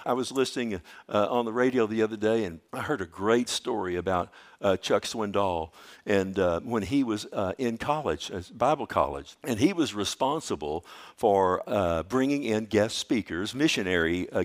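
A man preaching a sermon, earnest and conversational, often asking "Amen?" and calling listeners "loved one", rising to loud, emphatic bursts and dropping to soft asides. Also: lowish voice, animated, normal speed. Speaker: pastor.

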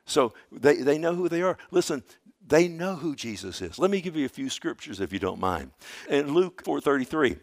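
A man's voice: on the high side, very animated, moderate pace, no echo, studio quality. A man preaching a sermon, fervent and emphatic, repeating phrases and calling listeners "loved one". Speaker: pastor. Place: church service.

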